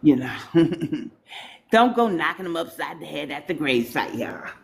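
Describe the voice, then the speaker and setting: A woman's voice: deep voice, animated, unhurried, creaky. A woman from New York hosting a live stream, talking in a loose, informal, chatty way to her viewers. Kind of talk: casual live stream chat.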